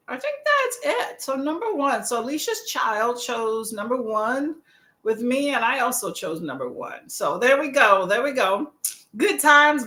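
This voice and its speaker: A woman's voice: high-pitched, bright, forceful tone, roomy sound. A woman hosting a casual reading livestream, chatting to her viewers, laughing often and repeating her phrases. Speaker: booktube livestream host.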